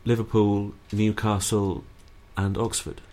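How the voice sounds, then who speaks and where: A young man from Brighton, a musician guest, speaking in a dry, understated and measured way. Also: fairly low pitch, flat delivery. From Brighton, England. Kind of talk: casual interview chat.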